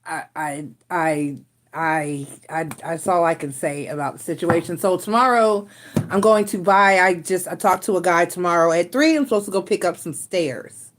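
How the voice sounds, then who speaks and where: A woman's voice: on the low side, normal speed, a little hiss or hum. A woman hosting a casual live stream, rambling in a frustrated way with restarts and sighs. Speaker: tarot reader and live stream host.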